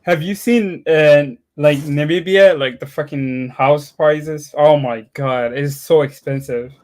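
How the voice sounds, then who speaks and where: A young man with a Swedish accent talking casually as a student guest, halting, restarting his sentences and speaking bluntly. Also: fairly high pitch, steady tone, a little mellow. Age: young adult. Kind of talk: casual chat.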